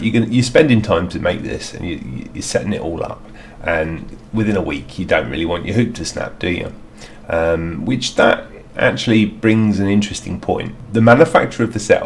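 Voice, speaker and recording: Low-voiced man rambling through a review. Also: a little hiss or hum. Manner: rambling, hesitant, lots of fillers. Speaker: DIY reviewer. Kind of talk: casual outdoor product review. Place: outdoors in a garden.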